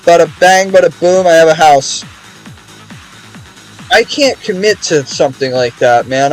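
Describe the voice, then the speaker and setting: A man's voice: a little high, rough recording. A young man streaming a game, chatting casually in a rambling, profane way with many restarts. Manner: rambling, profane, repeats words.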